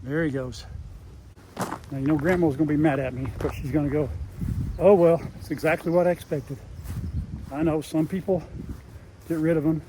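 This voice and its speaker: A man's voice: fairly high pitch, dark tone, slight background noise, poor audio. An older man chatting casually outdoors on his farm, talking to his dogs and to the camera as he goes. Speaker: farm vlogger.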